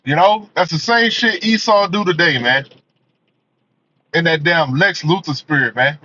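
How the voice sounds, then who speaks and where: A man's voice: fairly high pitch, measured pace, sharp tone. A man giving a profane, emphatic rant as a movie reviewer, filling his talk with "man" and "you know.". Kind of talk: ranting commentary. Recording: dull lo-fi audio.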